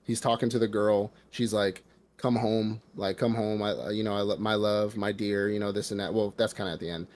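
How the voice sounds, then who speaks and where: A man co-hosting a casual podcast, telling a movie's story in relaxed, slangy talk. His voice sits fairly low. He drops into brief character voices as he goes. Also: fairly quick. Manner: animated retelling with put-on character voices, slangy. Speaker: podcast co-host. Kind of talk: casual chat recapping a film.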